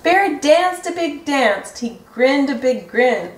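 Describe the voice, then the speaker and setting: A woman reading a picture book aloud to children in a gentle, sing-song way. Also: sits high, very animated, slow pace. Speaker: storybook reader. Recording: roomy echo from a distant mic.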